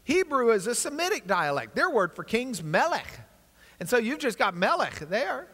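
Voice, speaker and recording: A man with a strikingly high, bright voice leads a lively class lecture, his pitch swinging widely as he explains and jokes with the room. His words ring with the long reverb of a large hall. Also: moderate pace. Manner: energetic, animated storytelling with asides to the class. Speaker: Bible class teacher.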